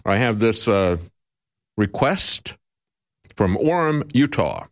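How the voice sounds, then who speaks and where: A man's voice: fairly low pitch, sing-song, slow. A male talk show host giving emphatic, indignant commentary with sarcastic asides.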